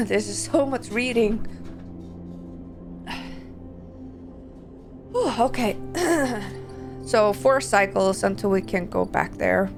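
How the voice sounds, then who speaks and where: A woman game streamer with a hoarse, tiring voice, reading game text aloud and commenting while she plays, often clearing her throat. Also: medium pitch, very slow, pauses often, over music. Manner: frequent throat clearing, self-correcting. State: hoarse, voice giving out.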